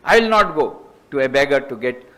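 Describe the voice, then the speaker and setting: A man's voice: medium pitch, very animated, brisk, sharp tone. A man with an Indian accent voicing a proud, irritated rich man who speaks in a raised, indignant voice.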